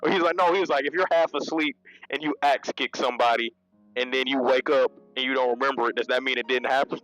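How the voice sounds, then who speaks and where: A man's voice: medium pitch, fairly even intonation, quick pace, a bit bright, no room sound, faint music behind, low-quality recording. Laid-back man retelling a manga chapter. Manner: loose and conversational, laughs often, many restarts and slang. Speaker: manga reviewer. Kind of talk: casual spoken review, retelling scenes.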